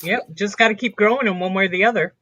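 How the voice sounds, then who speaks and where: A woman's voice: mid-range voice, fast, fairly bright tone, dry recording, muffled recording. A woman hosting a casual livestream chat, talking in an easygoing, musing way with fillers. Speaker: channel host.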